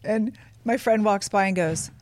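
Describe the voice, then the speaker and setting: A woman co-hosting a podcast, telling bawdy stories in casual chat with giggles and quiet asides. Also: mid-range voice, normal speed. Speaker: podcast co-host.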